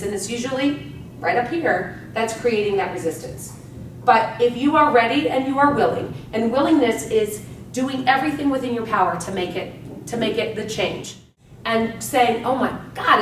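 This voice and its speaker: A woman giving a live motivational seminar talk to an audience, speaking emphatically and energetically and often checking in with "right?". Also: on the high side. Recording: echoey room, distant mic, faint background hum.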